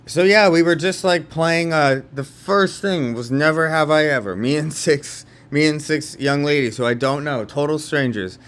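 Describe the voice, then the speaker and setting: A man's voice: fairly high pitch, moderate pace, hardly any pauses, fairly bright tone. A young man from California telling a story in a casual vlog monologue, rambling, with lots of fillers and restarts. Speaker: vlogger.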